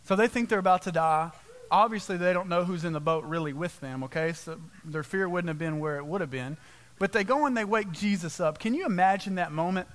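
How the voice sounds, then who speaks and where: Pastor, male, high-pitched, chatty sermon full of rhetorical questions. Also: lively intonation, moderate pace, a bit bright. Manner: casual and direct, peppered with rhetorical questions. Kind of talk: conversational sermon. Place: church service.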